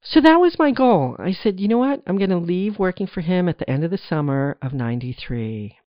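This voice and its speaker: A woman's voice: fairly low pitch, lively intonation, brisk, no echo. Woman, middle-aged, from New Jersey, podcast host, chatty storytelling, playful asides, dry sound, slightly muffled. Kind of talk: casual solo storytelling.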